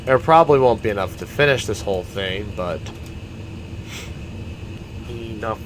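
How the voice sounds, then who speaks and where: A man's voice: fairly low pitch, animated, unhurried, slight background noise. A man, a gaming YouTuber, giving casual, rambling commentary while he plays a game. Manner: rambling, meandering storytelling.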